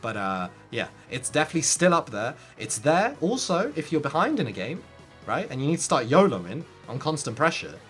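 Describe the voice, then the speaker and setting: A man talking casually to his viewers, giving gaming tips in an animated, direct way, often turning to speak straight at the audience. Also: on the high side, a little fast, faint music behind. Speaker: gaming content creator. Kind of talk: casual tips talk to camera.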